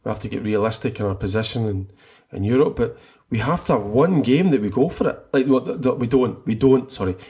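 A man's voice: mid-range voice, fairly quick, mellow, breathy edge. A middle-aged man co-hosting a casual football chat, enthusiastic and rambling, often restarting his sentences. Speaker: podcast co-host.

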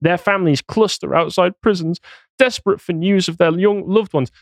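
A man's voice: high-pitched, normal speed, creaky, no echo, clean studio sound. A man co-hosting a casual podcast, reading news articles aloud and mocking them with sarcastic asides. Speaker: podcast co-host.

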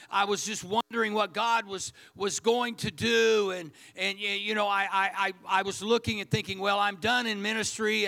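Folksy high-voiced preacher. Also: male voice, creaky, bright, forceful tone. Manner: folksy, storytelling, repeats words. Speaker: pastor. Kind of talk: sermon.

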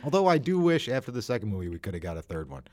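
A man's voice: mid-range voice, sing-song, rapid-fire, a little mellow. A man co-hosting a podcast, chatting casually about movies in a laid-back way. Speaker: podcast co-host.

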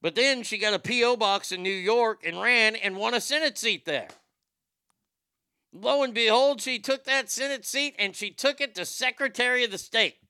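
A man's voice: very high-pitched, normal speed, sharp tone, clean tone, no room sound, studio quality. A male show host delivering profane, sarcastic political commentary, with boastful asides.

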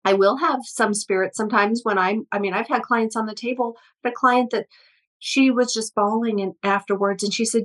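A woman's voice: a little high, steady tone, a little fast, a bit bright, poor audio. A middle-aged woman, an energy healer, telling stories about her sessions in an earnest conversational interview, often repeating words as she starts a sentence.

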